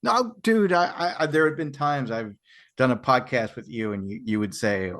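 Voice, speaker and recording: A man's voice: mid-range voice, moderate pace, fairly bright tone. An American man guesting on a podcast, talking casually with hesitant, stammering restarts. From United States.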